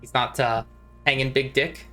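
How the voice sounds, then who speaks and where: A man's voice: medium pitch, steady tone, moderate pace, bright, forceful tone. A man giving casual let's play commentary, with amused, wry asides while reading the game aloud. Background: faint game music.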